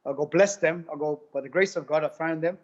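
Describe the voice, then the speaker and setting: Fast-talking high-voiced man. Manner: rapid, repetitive retelling with many "I go" quotes. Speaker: guest giving a testimonial. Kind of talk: animated personal storytelling. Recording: dull lo-fi recording.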